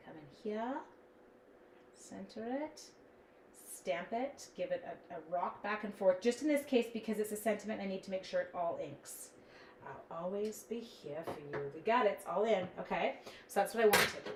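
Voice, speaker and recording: A woman's voice: mid-range voice, darkish tone. Brief: chatty, scattered woman demoing crafts live to her viewers, in a roomy room with a faint hum. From Canada. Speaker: live-stream crafting demonstrator. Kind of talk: casual live-stream craft demo.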